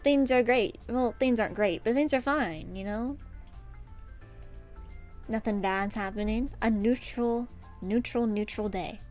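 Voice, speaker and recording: A young woman streaming while she draws, telling a story in an animated, rambling way, with lots of fillers and laughs. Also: fairly high pitch, unhurried, long pauses. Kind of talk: casual storytelling chat while drawing. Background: faint background music.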